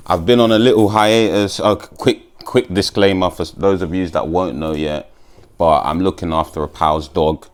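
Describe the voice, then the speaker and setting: A man's voice: low voice, steady tone, normal speed. A man vlogging about MMA in a casual, sweary, stop-start chat to camera.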